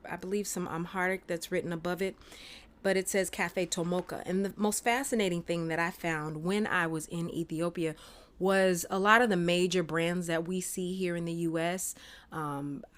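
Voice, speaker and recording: A woman's voice: on the low side, fairly even intonation, normal speed, fairly bright tone. A woman hosting her own podcast, talking in a bubbly, chatty way with frequent ums. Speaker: podcast host. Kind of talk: casual solo podcast chat. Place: home, by a window.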